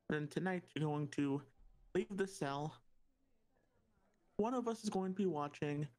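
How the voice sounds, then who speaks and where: A calm, plain-spoken player explaining a plan in a tabletop game. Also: mid-range voice.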